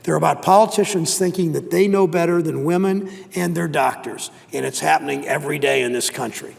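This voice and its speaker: A man's voice: fairly high pitch, fairly quick, creaky. A man in his sixties, a senator from Ohio, giving an emphatic political speech in a legislative chamber, driving points home with repeated phrases. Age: 60s. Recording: long reverb of a large chamber.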